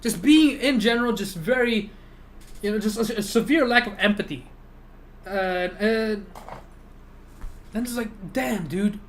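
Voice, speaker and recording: A man's voice: sits high, a little slow, pauses often, slight background noise. A young man streaming live, chatting with viewers in a rambling rant full of fillers and swearing. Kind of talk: casual chat with live viewers.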